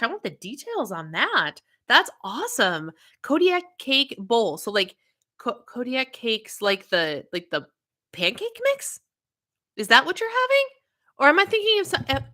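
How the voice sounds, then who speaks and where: A woman's voice: medium pitch, bright, forceful tone. A woman hosting a casual livestream, chatting and greeting viewers by name. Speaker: livestream host.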